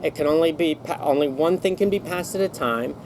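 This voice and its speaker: A man with a slightly raised pitch talks straight to camera in a loose, unscripted monologue. He rambles, stumbles and corrects himself mid-sentence. A faint hum of background noise sits under his voice. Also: a little fast, a little mellow, poor audio. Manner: rambling, many restarts and self-corrections. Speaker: vlogger. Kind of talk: casual storytelling monologue.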